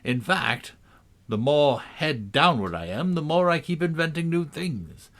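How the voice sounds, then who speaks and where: A man's voice: fairly high pitch, expressive, unhurried, a bit bright, pitched above the performer's own voice. A man reading a storybook, voicing a clumsy, earnest old knight who rambles on solemnly about his inventions. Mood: earnest, rambling.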